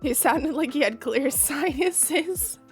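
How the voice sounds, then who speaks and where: Bubbly giggly young woman streamer, kinda high voice, slow easygoing chat. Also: faint music behind. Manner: bubbly, giggly, chats to viewers by name. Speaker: livestreamer. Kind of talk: casual live-stream chat.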